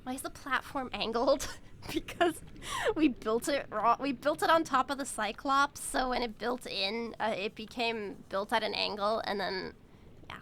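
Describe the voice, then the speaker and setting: A woman's voice: fairly high pitch, normal speed, fairly bright tone, a little hiss or hum. A young woman streamer chatting casually over a game, playful and dramatic, breaking into giggles. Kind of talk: casual gaming stream chat.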